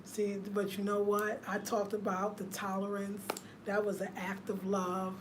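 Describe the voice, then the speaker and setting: A woman, chatting casually with viewers on a livestream, swinging between loud laughter and hushed murmurs. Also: mid-range voice, level tone, normal speed, background noise. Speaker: vlogger.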